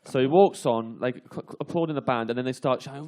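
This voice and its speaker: A man's voice: medium pitch, fast, mellow. A male comedian telling a comic anecdote on a radio panel, laughing often and filling gaps with ums. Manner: laughs through the story, with lots of fillers. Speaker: comedian guest.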